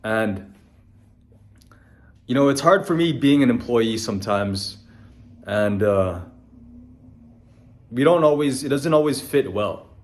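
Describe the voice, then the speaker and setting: A man's voice: mid-range voice, animated, slow, long pauses. A young man from Canada, a construction business owner, candidly telling a personal story in casual, blunt speech full of fillers and reenacted dialogue. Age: young adult.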